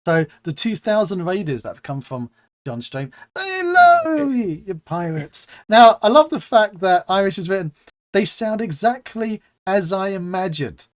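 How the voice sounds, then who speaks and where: Lively, chatty interview host. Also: mid-range voice. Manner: chatty and playful, quick to joke. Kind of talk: casual interview chat.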